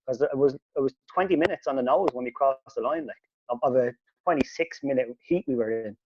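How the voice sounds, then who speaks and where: A man's voice: mid-range voice, quick pace, slight background noise. Sweary man telling a story. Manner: animated, sweary, voice jumps up when quoting himself. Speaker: podcast host. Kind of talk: casual storytelling. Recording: dull lo-fi podcast audio.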